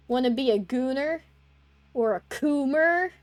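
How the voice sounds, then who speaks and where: High-voiced woman streamer, slow and rambling. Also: animated, darkish tone. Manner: rambling, playful and crude, laughs often. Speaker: VTuber streamer. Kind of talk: casual livestream chat with viewers.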